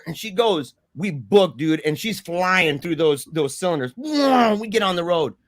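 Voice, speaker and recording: A man guest telling a story in casual talk, animated, with many restarts and fillers. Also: high voice, a little slow, dry recording, studio quality.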